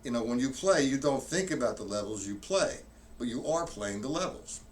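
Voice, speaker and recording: A man's voice: medium pitch, animated, normal speed, slight background noise. A man giving a live-streamed drum lesson, counting strokes aloud and explaining technique in a rambling way with many restarts. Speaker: drum teacher. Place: room with drums. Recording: distant mic with loud drum hits.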